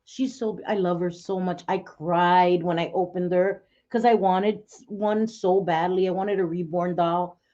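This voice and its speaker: A woman's voice: on the low side, steady tone, unhurried, hardly any pauses, dark tone. A middle-aged woman hosting a casual livestream from home, chatty and laughing often as she talks to viewers by name. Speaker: livestream host. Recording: dull lo-fi stream audio.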